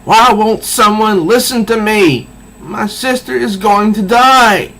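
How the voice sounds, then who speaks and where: A man's voice: medium pitch, animated, slow pace, rough recording. A man voicing a distraught young woman who pleads for help, read aloud from a comic. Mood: anguished.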